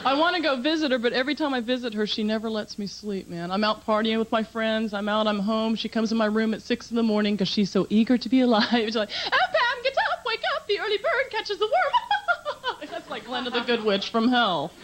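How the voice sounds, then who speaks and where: A woman from Georgia doing a brisk, chatty stand-up routine on a TV talk show stage, laughing through her punchlines. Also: fairly high pitch, fairly even intonation, noisy background. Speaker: stand-up comedian.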